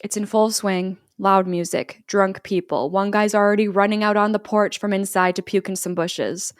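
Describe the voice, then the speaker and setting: A woman's voice: mid-range voice, steady tone, moderate pace, dry recording, clean studio sound. A young woman co-hosting a podcast, casually recapping a film scene by scene and acting out the characters' lines. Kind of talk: casual chat.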